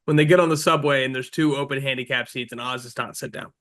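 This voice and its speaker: A man hosting a podcast who talks in an energetic, blunt way and swears casually while discussing a show. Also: mid-range voice, fast talker. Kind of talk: casual film review chat.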